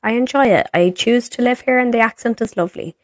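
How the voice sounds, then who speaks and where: Fast and high-pitched, this Irish-accented podcast co-host in her thirties vents her exasperation with plenty of swearing. It's casual conversation, recorded with no room sound.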